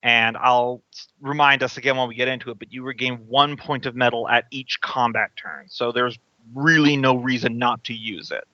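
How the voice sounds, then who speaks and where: A man's voice: medium pitch, steady tone, moderate pace, hardly any pauses, sharp tone, no room sound, dull audio. A man running an online tabletop game as game master, patiently explaining the rules with frequent restarts.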